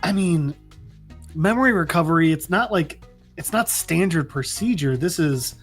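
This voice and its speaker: A man's voice: fairly high pitch, lively intonation, normal speed, faint music behind. A man doing a hesitant young woman med student. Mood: earnest. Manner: hesitant, rambling.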